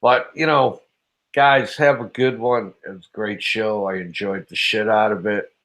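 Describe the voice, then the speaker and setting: Slow-talking crude male stream host. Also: on the low side, steady tone, fairly bright tone, poor audio. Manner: crude, profane and mocking, with frequent laughs. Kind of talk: casual live stream chat.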